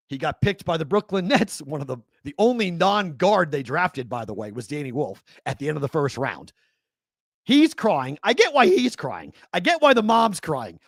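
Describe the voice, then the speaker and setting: A man with a Boston accent hosts a live sports talk show in a high, creaky voice, recorded at studio quality with no echo. He rants in disbelief, animated and incredulous, laughing as he goes.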